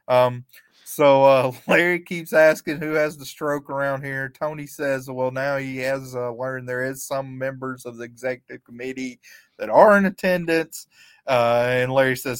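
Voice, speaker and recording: A man co-hosting a podcast, recapping events play by play in a relaxed, chatty way and chuckling often. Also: medium pitch, moderate pace, clean tone, no echo. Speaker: podcast co-host. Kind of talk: casual recap chat.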